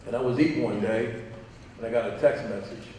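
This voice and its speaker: Speaking briskly in a mid-range voice, a middle-aged man gives an animated, story-filled induction speech as a father at a hall of fame banquet, complete with acted-out quotes and laughing asides. The sound is distant and echoey from a large hall, with slight background noise.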